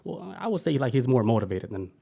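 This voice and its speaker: A man's voice: medium pitch, sing-song, fast, vocal fry, warm tone. A man hosting a podcast in loose, profane, enthusiastic casual chat. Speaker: podcast host.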